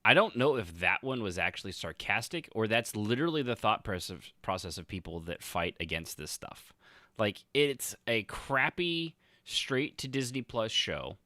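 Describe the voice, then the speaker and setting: Bright, lively-voiced man ranting casually. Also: fairly low pitch, normal speed, no echo, studio quality. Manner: rambling and sarcastic, full of fillers and restarts. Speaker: podcast host. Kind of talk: casual commentary.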